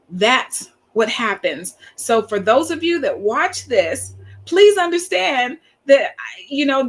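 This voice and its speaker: A woman in her fifties talking casually to her followers on a live stream, telling stories with animation and laughing easily. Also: fairly high pitch. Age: 50s. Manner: animated storytelling, acts out quoted voices; chatty with fillers and laughs. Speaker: social media coach.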